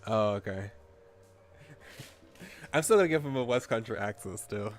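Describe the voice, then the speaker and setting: Low-voiced man chatting through a game stream. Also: animated, measured pace. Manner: chatty, rambling, laughs often. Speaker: VTuber streamer. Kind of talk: casual gameplay commentary.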